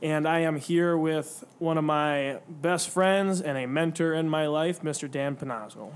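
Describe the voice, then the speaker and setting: A man's voice: a little high, unhurried, smooth. A man hosting a casual podcast, chatting easily with a friend and using lots of fillers. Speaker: podcast host.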